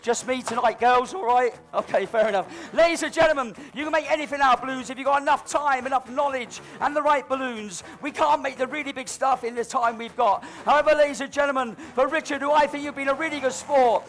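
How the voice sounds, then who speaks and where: A man's voice: very high voice, fast, few pauses, fairly bright tone, faint music behind. A middle-aged man doing live stage comedy as a balloon performer, with cheeky, cajoling banter aimed at an audience volunteer.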